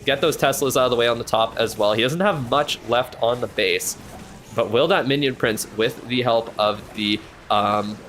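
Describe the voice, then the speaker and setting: A man streaming and commentating a match in casual live play-by-play, reacting excitably and chatting with the odd swear word. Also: medium pitch, normal speed, a little hiss or hum.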